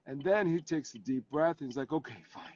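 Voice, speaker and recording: Animated man talking from his car. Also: fairly high pitch, brisk. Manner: animated storyteller, acts out family scenes. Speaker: guest actor and advocate. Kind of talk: casual interview over video call. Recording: dull lo-fi call audio.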